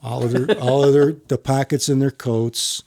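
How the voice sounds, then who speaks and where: A man's voice: medium pitch, fairly even intonation, moderate pace, vocal fry, warm tone. A man who works as a firefighter, telling a long story in casual chat with many restarts and casual swearing. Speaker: firefighter guest.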